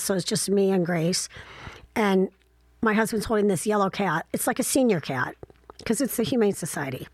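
A middle-aged woman from Ohio talks through memories as a mother, her tone candid and wryly reflective, with a few ums and likes along the way. Her voice sits at an ordinary middle pitch. The recording is dry and close, with no room sound. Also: dry recording. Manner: candid, reflective, wry, with frequent fillers. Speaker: mother telling personal stories. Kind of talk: casual personal storytelling.

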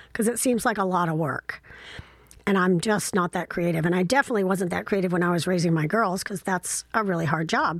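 Middle-aged mom from ohio, wry candid storytelling, dry close sound, lots of ums. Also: female voice, mid-range voice, no room sound. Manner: candid, reflective, wry, with frequent fillers. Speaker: mother telling personal stories. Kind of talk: casual personal storytelling.

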